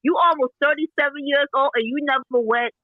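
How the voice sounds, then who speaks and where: High-voiced woman on a tinny call. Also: a little fast, no echo. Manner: blunt, opinionated. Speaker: panel guest. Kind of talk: casual debate on a live panel. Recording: tinny phone-line call.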